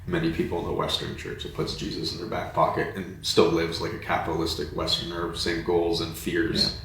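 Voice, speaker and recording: A man's voice: deep voice, monotone, a little fast, vocal fry, a bit bright, slight background noise. A man, a pastor hosting, talking thoughtfully and searching for words in a casual conversation. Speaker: host and pastor. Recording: very echoey room, faint background ambience.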